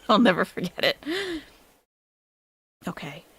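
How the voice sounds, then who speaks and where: Gravelly, gossipy woman livestreamer. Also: fairly low pitch, takes it slowly, dry recording. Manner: animated, gossipy storytelling to a friend. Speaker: livestream host. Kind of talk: casual livestream chat.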